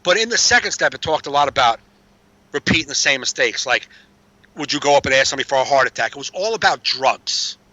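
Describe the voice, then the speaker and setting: A man's voice: medium pitch, animated, quick pace, pushed and bright, no echo, lo-fi sound. A man telling recovery stories in a casual chat, streetwise and swearing freely. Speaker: podcast guest.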